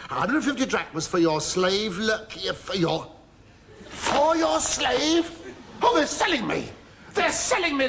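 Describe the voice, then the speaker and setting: A man's voice: high voice, vocal fry, fairly bright tone, heavily acted. A middle-aged actor playing a put-upon male household slave in a studio sitcom, full of camp, self-pitying asides and mock outrage. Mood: chatty. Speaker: lead comic actor in a sitcom. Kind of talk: 1970s studio sitcom acting with audience asides. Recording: noisy old TV studio tape with audience laughter.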